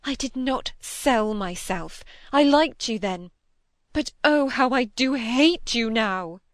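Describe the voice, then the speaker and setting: A woman's voice: expressive, moderate pace, dry recording, lightly acted. A woman voicing a distraught, pleading young woman. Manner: emotional, pleading, high-strung. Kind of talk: audiobook character reading.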